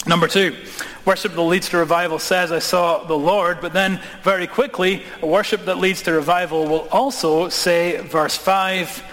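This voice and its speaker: A man preaching a sermon, asking the congregation questions and dropping his voice slowly on key words. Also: on the high side, a bit bright. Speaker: pastor. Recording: long hall reverb.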